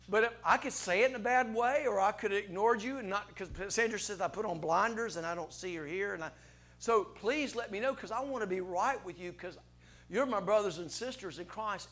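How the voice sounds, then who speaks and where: A man preaches from the pulpit in a high voice. He builds to loud, impassioned peaks, then drops soft and earnest, often repeating his words. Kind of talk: farewell sermon and prayer.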